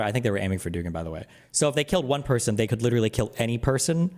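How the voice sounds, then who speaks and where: A man's voice: medium pitch, fast talker, darkish tone. Sarcastic profane streamer man. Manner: sarcastic, profane, laughs at the clip. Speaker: streamer reacting to a clip. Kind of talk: casual reaction commentary.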